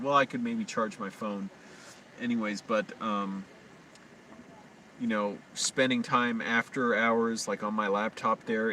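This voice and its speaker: A man's voice: on the low side, sharp tone, recorded from a distance, a little hiss or hum, low-quality recording. A man live-streaming from his car at night, rambling casually with lots of fillers and swearing. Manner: rambling, swears freely, many fillers and restarts. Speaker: vlogger livestreaming. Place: in or near a parked car by a park at night.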